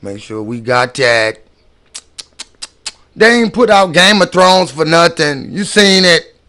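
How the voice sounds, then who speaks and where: A man's voice: on the high side, animated, takes it slowly, pushed and bright. A man giving casual ranting commentary on videos, emphatic and slangy, often repeating and restarting his words.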